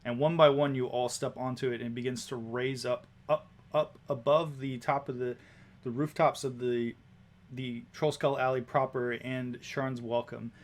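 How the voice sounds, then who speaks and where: A man runs a tabletop game as its game master. He sets each scene in a medium voice and talks at an unhurried pace. He sometimes trips over a word and restarts. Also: mid-range voice. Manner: relaxed scene description with small restarts.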